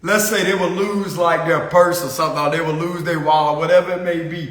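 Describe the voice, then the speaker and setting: A man's voice: a little high, fairly even intonation, fairly quick, fairly bright tone, roomy sound. A man giving a casual spiritual reading, rambling and slangy and laughing often. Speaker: spiritual card reader.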